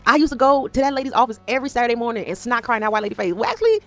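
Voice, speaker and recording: A woman in her thirties from the Northeast United States, ranting in a casual vlog. She is animated and profane, swinging between loud outbursts and quiet asides. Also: fairly high pitch, racing, no room sound, faint music behind. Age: 30s. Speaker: vlogger. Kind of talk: casual unscripted rant.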